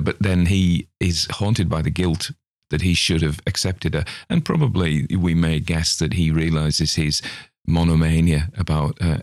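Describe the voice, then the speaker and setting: Deep-voiced Australian man musing casually. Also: dry recording, studio quality. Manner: rambling, chatty, self-mocking asides. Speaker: podcast host. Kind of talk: casual spoken commentary on a ghost story.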